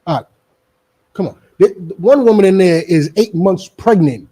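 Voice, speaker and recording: Emphatic lecturing man with a high, mellow voice. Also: animated, moderate pace, slightly rough. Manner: emphatic, repetitive, lecturing, addresses others by name. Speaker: religious group speaker on a radio show. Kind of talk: preaching-style commentary to a studio group.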